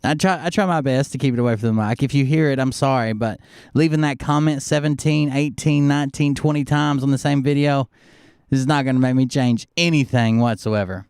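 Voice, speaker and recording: His medium-pitched voice is darkish and smooth, fairly quick, with fairly even intonation, captured studio-clean on a close desk mic with no room sound. The man is hosting a live stream, a little sick, rambling casually with profanity and lots of fillers.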